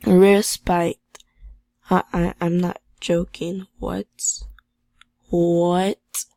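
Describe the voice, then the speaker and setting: A woman chatting her way through a game session on a desk mic, her low voice full of vocal fry. She drawls slowly but gets flustered fast, stammering and repeating herself and grumbling at the lag. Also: no echo, clean studio sound. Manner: excitable, stammering, easily flustered; impatient about lag. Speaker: game video creator. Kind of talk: casual gameplay commentary.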